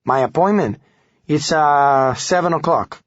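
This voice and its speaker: A man's voice: on the high side, measured pace, dry recording, highs cut off, voice pushed up, close to an everyday voice. A man voicing a nervous, evasive middle-aged man with a thick Spanish accent in an audiobook. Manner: hesitant, evasive.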